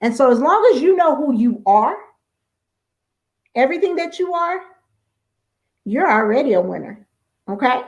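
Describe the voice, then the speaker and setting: A woman hosting a talk show, speaking in a warm, affirming way and encouraging her guest. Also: sits high, very animated, normal speed, pauses often. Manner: warm, affirming, uses endearments.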